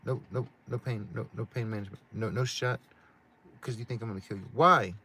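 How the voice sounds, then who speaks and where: A man's voice: on the low side, steady tone, fast talker, breathy edge. A middle-aged man in casual chat, swearing often and restarting his sentences again and again. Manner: profane, rambling, many restarts. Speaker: livestream co-host.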